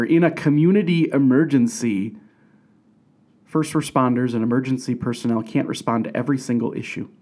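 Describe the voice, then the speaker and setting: A man, a pastor, preaching a sermon in a conversational way, with rhetorical questions and frequent restarts. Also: medium pitch. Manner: restarts and repeated words.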